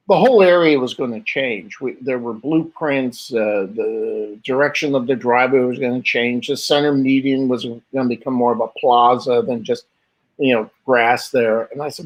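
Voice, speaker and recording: An older man in conversation, spinning stories from his own life with animated energy. He slips into quoted voices and laughs as he goes, with pauses and restarts. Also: mid-range voice, rough recording. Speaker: guest artist. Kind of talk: conversational interview storytelling.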